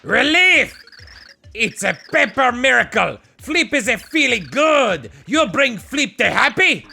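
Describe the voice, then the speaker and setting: A swooning pixel sprite croons in a hammy mock French accent, as a man puts him on. The voice rides high and bright with a lively, sweeping lilt and a gravelly edge. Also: soft background music, full character voice. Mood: theatrical. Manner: theatrical, romantic, drawn-out. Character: lovesick male pixel sprite, dramatic.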